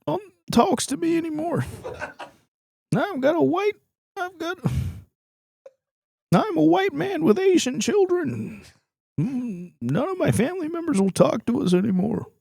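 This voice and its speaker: A man voicing a smug middle-aged white father showing off his family, in a mocking high-pitched caricature. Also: vocal fry, darkish tone, dry recording, studio quality, heavily acted.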